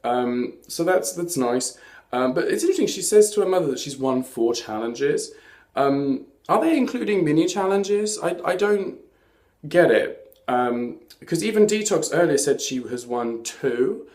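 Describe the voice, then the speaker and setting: A man's voice: on the high side, animated, unhurried, a little mellow. Camp chatty man in an echoey room. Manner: camp, chatty, sassy asides. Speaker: host of a TV recap show. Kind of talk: casual recap chat.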